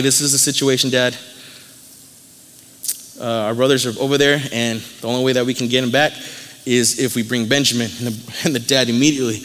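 A man's voice: medium pitch, a bit bright, in a large hall. A man preaching a sermon, retelling a Bible story in casual words and briefly acting out the characters' lines.

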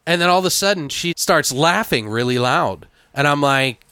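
Lively, animated male podcast host. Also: on the high side, normal speed, clear, resonant tone, no room sound, studio quality. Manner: animated storytelling, trying not to swear. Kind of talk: casual chat.

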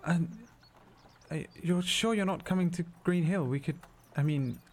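A man's voice: fairly high pitch, moderate pace, pitched above the performer's own voice, natural voice. A man voicing a flustered young female soldier on duty, who stammers and trips over her words.

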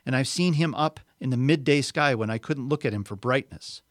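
A man's voice: medium pitch, brisk, fairly bright tone, dry recording, clean studio sound, lightly acted. Man voicing a breathless stubborn marsh creature. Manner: stout, breathless, plain-spoken.

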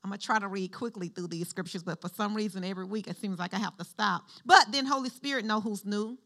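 A woman pastor with a mid-range voice preaches fast in a conversational style. She calls out prompts for the congregation to answer in lively call-and-response, moving between preaching and chatty asides.

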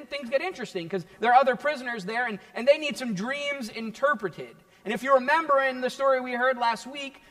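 A man's voice: high-pitched, a bit bright. A man preaching a sermon as pastor, retelling a Bible story in a storytelling manner. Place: church sanctuary. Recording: church hall with long reverb.

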